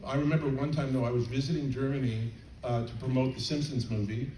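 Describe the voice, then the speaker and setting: An older man chatting on a convention panel, halting with many fillers and restarts. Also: medium pitch, steady tone, mellow. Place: convention hall panel stage. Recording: roomy, distant, faint crowd noise.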